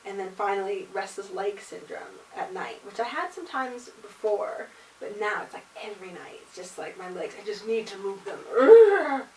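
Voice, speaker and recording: A woman's voice: mid-range voice, moderate pace. A young woman chatting casually in a home vlog, rambling with many likes and ums. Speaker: vlogger. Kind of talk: casual pregnancy update vlog. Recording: roomy, distant mic with faint hiss.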